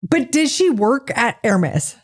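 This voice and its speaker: A woman's voice: on the high side, sing-song, slow pace, slightly rough. A woman co-hosting a podcast in casual chat, who asks dry, skeptical questions and teases her co-host.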